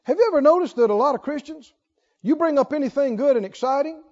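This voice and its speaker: A man with a strikingly high voice delivers a sermon from the pulpit. He presses his listeners with rhetorical questions and hammers points home through repetition. His voice carries a long church reverb on a dull, muffled recording. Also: animated, fast talker, darkish tone. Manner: asks the congregation rhetorical questions, emphatic repetition. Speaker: preacher. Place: church sanctuary.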